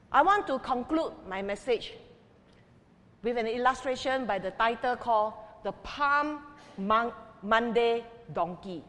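A woman pastor preaching an emphatic sermon, swinging between loud declarations and quiet asides. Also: on the high side, in a large hall. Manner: emphatic, with big swings in loudness.

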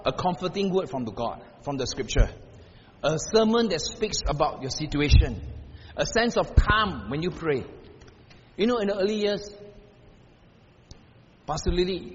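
An older man preaching a sermon as pastor, shifting from hushed passages to loud, emphatic repeated questions. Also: high voice, a little hiss or hum. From Singapore. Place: church hall. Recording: muffled sound in a reverberant hall.

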